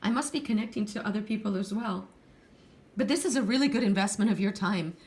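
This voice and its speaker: A woman's voice: medium pitch, brisk, a little mellow. A middle-aged woman giving a heartfelt, rambling pick-a-card reading, tearful at times. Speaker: tarot card reader.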